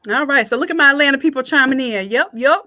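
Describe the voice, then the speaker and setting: A woman's voice: high voice, quick pace, pushed and bright, no echo, clean studio sound. A woman giving a live-streamed design tutorial, chatting with viewers and calling them y'all. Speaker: design instructor.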